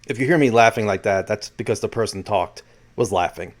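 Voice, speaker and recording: A man's voice: fairly low pitch, fairly quick. A man hosting his own channel, talking through a transcript in casual commentary, often stopping to correct and restart himself. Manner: rambling, self-correcting, many restarts. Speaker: channel host.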